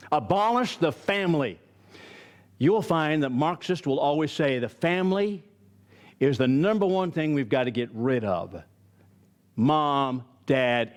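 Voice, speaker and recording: An older man from Arizona teaching a Bible study, emphatic and firing rhetorical questions at his listeners. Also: medium pitch.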